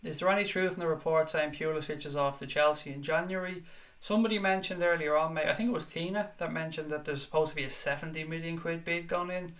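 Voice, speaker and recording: A man's voice: fairly high pitch, fairly even intonation, quick pace, a bit bright. A young man hosting a live fan chat show, talking casually with viewers and reading their comments aloud in a blunt, sweary way. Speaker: livestream chat show host.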